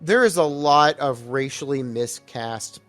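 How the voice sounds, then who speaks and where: A man co-hosting a casual movie podcast, chatting bluntly and shouting out emphatic quotes from scenes. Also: medium pitch, measured pace, faint music behind. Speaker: podcast co-host.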